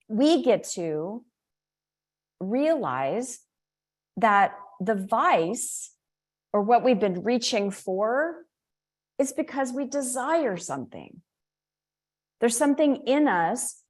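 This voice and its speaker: A middle-aged woman giving a spiritual coaching talk in a conversational way, with asides and self-corrections. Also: mid-range voice. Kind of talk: teaching talk on spiritual laws.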